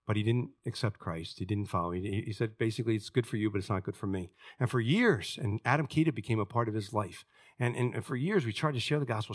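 An older man, a pastor, preaching a sermon in a conversational storytelling way, with frequent restarts. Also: fairly low pitch. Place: church.

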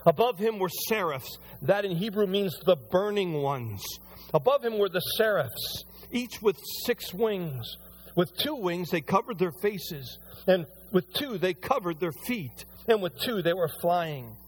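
High-voiced man preaching a sermon. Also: a little hiss or hum. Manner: animated preaching, rising loud on emphasis, slows when reading scripture. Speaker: pastor.

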